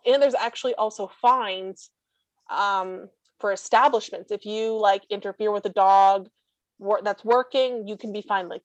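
A woman guest talking casually about life with her service dog, blunt and sarcastic with quick asides. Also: mid-range voice, no echo, rough recording. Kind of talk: casual chat.

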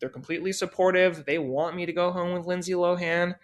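A young man with a high voice, swearing freely as he rambles through a party story. He talks in an animated, unpolished way, full of asides and repeats. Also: brisk. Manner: animated, profane, rambling anecdote-telling. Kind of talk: casual storytelling.

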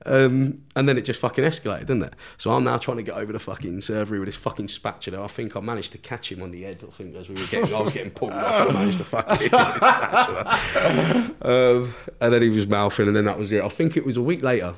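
A man's voice: on the low side, animated, fast, fairly bright tone. A man, a podcast guest telling a story in casual chat, swearing constantly and laughing along with his own tale.

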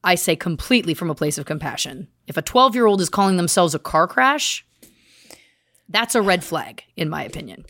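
A woman's voice: on the low side, lively intonation, brisk, fairly bright tone. A woman podcast host recounting research in a chatty, casual way, full of asides. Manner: chatty, speaks in asides and restarts. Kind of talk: casual storytelling chat.

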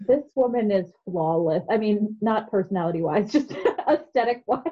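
A woman's voice: mid-range voice, expressive, normal speed, lo-fi sound. A woman co-hosting a casual movie discussion who agrees easily and often giggles. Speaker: podcast co-host.

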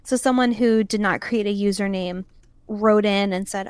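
A woman co-hosting a podcast, chatting in an emphatic and amused way. Her pitch is mid-range for a woman. The sound is close and dry, with no room around it. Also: steady tone, moderate pace, clean tone, dry recording. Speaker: podcast co-host. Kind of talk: casual chat.

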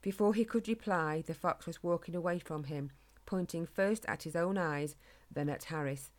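A woman narrating a children's animal story in a gentle, measured way. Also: fairly low pitch.

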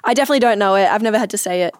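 A woman's voice: mid-range voice, very fast, no room sound, clean studio sound. A young Australian woman, a podcast guest, chatting casually and laughing at herself often. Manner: giggly, self-mocking, laughs often. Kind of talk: casual chat.

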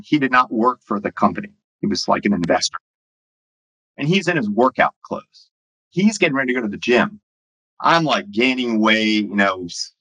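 A man's voice: lowish voice, bright, forceful tone, husky, rough recording. A man who runs his own business, telling stories in a casual, rambling way full of fillers. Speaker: entrepreneur and business owner guest. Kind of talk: casual storytelling.

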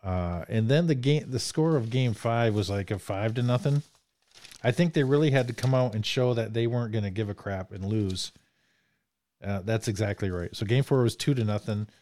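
A man's voice: on the low side, normal speed, a little mellow, dry recording. Joking man hosting a podcast, dry sound. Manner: joking, reads from notes. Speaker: podcast host. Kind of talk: casual movie discussion.

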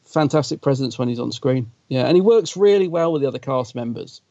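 A man's voice: mid-range voice, animated, a little fast, dark tone, dry recording. A man from Britain co-hosting a podcast, chatting in a rambling, chatty way with frequent laughs. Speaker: podcast co-host. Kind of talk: casual chat. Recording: dull, lo-fi sound.

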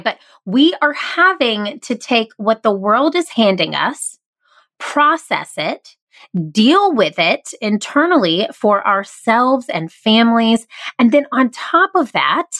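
A woman in her thirties hosts a motivational podcast, speaking candidly and earnestly with self-deprecating humor. Her voice sits in the mid range and has a fairly bright tone.

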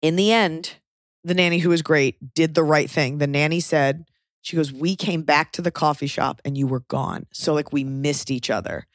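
A woman's voice: low-pitched, normal speed, no echo, studio quality. Rambling, sweary woman telling a story. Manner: rambling, filler-heavy, sweary. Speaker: podcast host. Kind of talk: casual storytelling.

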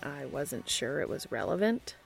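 A woman voicing a shy, earnest adult man in love, speaking in soft breathy whispers in an amateur audiobook reading. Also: low-pitched, big pitch swings, a little slow, soft background music, voice pushed down, exaggerated voice. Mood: tender.

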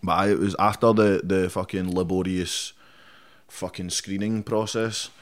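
A young man with a Scottish accent talks in a somewhat low register. He is a guest in a relaxed interview, blunt and defiant, swearing freely and tagging "mate" onto nearly every thought. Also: unhurried. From Scotland. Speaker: rapper guest. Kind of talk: casual interview chat.

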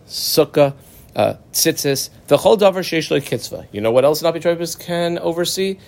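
A man teaching a Talmud class, explaining the text in a conversational way with quick asides. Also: medium pitch.

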